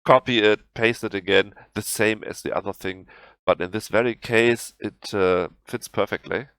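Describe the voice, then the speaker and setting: A man with a German accent, a native German speaker, talking through a software tutorial in halting English that often restarts. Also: lowish voice, fairly even intonation, smooth, no room sound, clean studio sound. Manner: halting, self-correcting non-native English. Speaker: tutorial host. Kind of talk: screen-recorded software tutorial.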